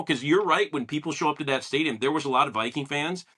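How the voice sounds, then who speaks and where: A man's voice: on the high side, quick pace, pushed and bright. A man hosting a podcast, chatting casually and telling stories with enthusiasm, acting out what people said. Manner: enthusiastic storyteller, acts out quotes. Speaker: podcast host. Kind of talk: casual interview chat.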